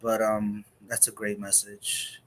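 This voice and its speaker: Raised in the United States, a poet of half Dominican, half Puerto Rican heritage delivers spoken word poetry slowly and reflectively, with pauses. His voice sits on the low side with a fairly bright tone, and his delivery is completely flat.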